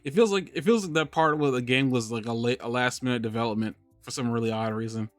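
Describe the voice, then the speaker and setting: A man's voice: mid-range voice, fast talker, dry recording, faint music behind. A man hosting a live podcast, chatting casually and rambling, restarting his sentences and laughing often. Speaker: podcast host. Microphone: studio microphone on a live stream.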